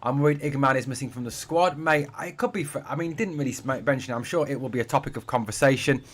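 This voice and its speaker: Chatty northeast English football streamer. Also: male voice, mid-range voice, fast talker. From Durham, northeast England. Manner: chatty, addresses viewers as mate and guys. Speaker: football fan channel host. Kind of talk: live watch-along chat, reading comments. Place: home room being packed up for a move.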